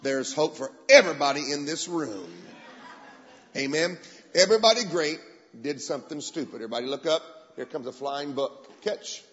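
A man's voice: on the high side, normal speed. A man preaching, telling stories and acting out the people he quotes. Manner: animated, acts out quoted voices. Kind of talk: sermon storytelling. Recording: dull sound with long hall reverb.

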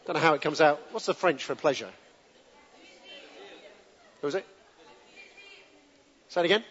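A man with a fairly high voice preaches a sermon to a live congregation, chatty and direct, coaxing them to repeat words after him. The sound is dull and lo-fi, and his voice rings with a long hall reverb. He keeps it loose and conversational rather than grand. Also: lively intonation, brisk, long pauses, fairly bright tone, slightly rough. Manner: conversational, asks the congregation to answer back.

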